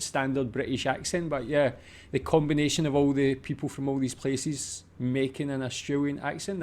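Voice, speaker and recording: A man's voice: mid-range voice, darkish tone. A man in his thirties hosting a reaction video, thinking aloud casually and rambling with many fillers.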